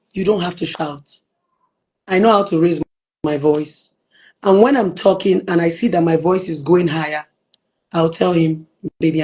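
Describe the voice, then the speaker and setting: A Nigerian woman speaking as a relationship therapist in an interview, earnest and often quoting soft lines from her partner. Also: lowish voice, slightly rough. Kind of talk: interview conversation.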